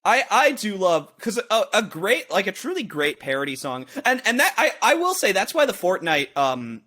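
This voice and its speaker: Podcast co-host, man, bright high voice, lively rambling delivery. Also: normal speed. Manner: rambling, animated, breaks into sung and shouted bits. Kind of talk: casual podcast banter.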